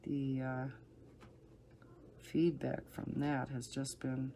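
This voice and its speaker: A middle-aged woman with a low, soothing voice chats unhurriedly as she colors, rambling from one thought to the next and breaking into soft laughs. A faint hiss sits under her voice. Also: little pitch movement, slow, gravelly. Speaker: coloring channel host. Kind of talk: casual chat while coloring.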